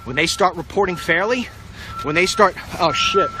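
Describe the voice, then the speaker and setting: A political commentator walks outdoors, delivering a blunt, rambling monologue straight to the camera as street traffic passes. His voice is high, bright and forceful, animated at a normal speed.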